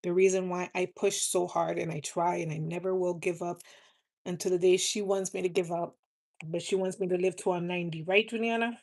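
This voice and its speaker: A woman's voice: on the low side, steady tone, brisk, gravelly, a little mellow. A woman talking earnestly and from the heart on a casual live stream, often repeating words for emphasis. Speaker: live streamer selling cosmetics.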